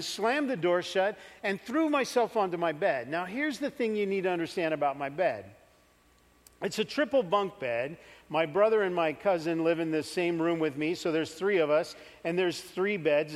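A man's voice: sits high, animated, moderate pace. A man preaching a sermon, telling a personal story and acting out his younger self. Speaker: pastor. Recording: church hall reverb.

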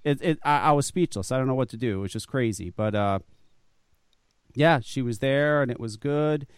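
A man's voice: medium pitch, moderate pace, clear, resonant tone, no echo. A man telling a long, profane story in casual chat, full of restarts and stammered repeats. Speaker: guest.

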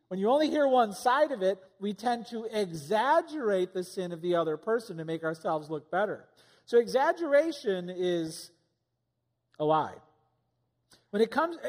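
A pastor delivers a sermon in a high male voice, talking to the congregation like a conversation and tossing out rhetorical questions. His voice carries a long reverb from a large hall.

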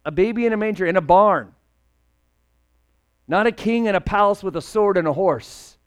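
Pastor, male, fairly high voice, smooth and clear, animated joking delivery. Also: normal speed. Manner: conversational, jokey, animated preaching. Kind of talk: casual, humorous sermon.

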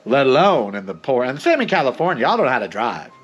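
A man's voice: medium pitch, sing-song, fast, husky, lo-fi sound, faint music behind. A man hosting a cooking vlog, chatting casually in a campy, sassy way with theatrical asides while he works in his home kitchen.

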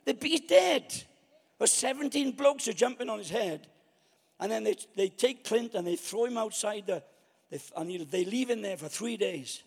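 A man's voice: sits high, animated, normal speed, big-room sound. A man preaching a storytelling sermon, acting out his own past thoughts.

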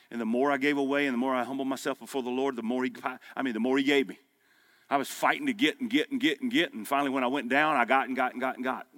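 Male pastor, bright forceful tone, folksy emphatic sermon delivery. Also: medium pitch. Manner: folksy, emphatic preaching, rising to loud peaks. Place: men's breakfast gathering hall.

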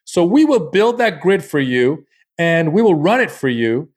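A slightly high-voiced man tells a story in a relaxed podcast conversation. He is animated and often slips into the voices of the people he quotes. His speech is loose and peppered with swearing. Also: measured pace, husky. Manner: profane, loose. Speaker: comedian guest.

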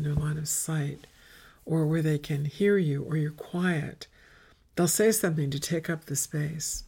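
A woman leads a meditative spiritual retreat talk, speaking very slowly with a gravelly, husky edge. She often sinks into a near whisper and lets phrases pile up in long, chant-like lists. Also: deep voice. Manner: soft, often dropping to a whisper, incantatory lists.

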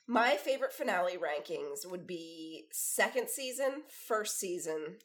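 A woman with a fairly low voice co-hosts a casual podcast. She talks in a chatty, wry way, rambling and restarting her sentences. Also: lively intonation, measured pace, a bit bright. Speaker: podcast co-host. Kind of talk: casual chat.

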